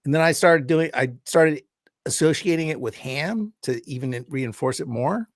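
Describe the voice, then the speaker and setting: A man's voice: a little high, normal speed, no echo, clean studio sound. A man co-hosting a podcast, chatting loosely and jokingly and swearing casually. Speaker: podcast co-host.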